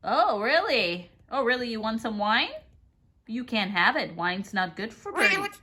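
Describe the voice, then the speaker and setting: A woman at home talking to her pet parrot in a playful, coaxing sing-song, scolding it gently and fussing over it in baby talk. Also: fairly high pitch, very animated, a little slow. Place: home indoors, by a fireplace.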